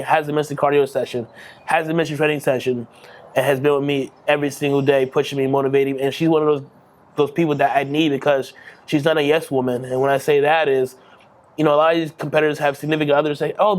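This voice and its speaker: A somewhat higher-voiced man in his thirties speaks in a candid, heartfelt interview. He talks earnestly and emotionally, drops casual swear words, and often stops and restarts his sentences. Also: flat delivery, fast talker. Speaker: bodybuilding champion interviewee. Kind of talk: candid post-victory interview.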